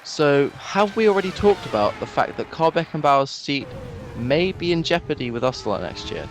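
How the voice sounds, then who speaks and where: A young man co-commentating a race in a relaxed, analytical way, with dry jokes. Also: on the high side, moderate pace.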